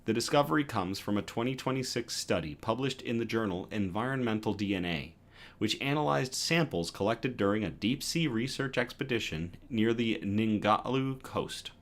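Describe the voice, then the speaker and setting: Lively low-voiced male news host. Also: normal speed. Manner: lively, reads chat comments aloud and self-corrects with a laugh. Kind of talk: livestream news reading with chat asides.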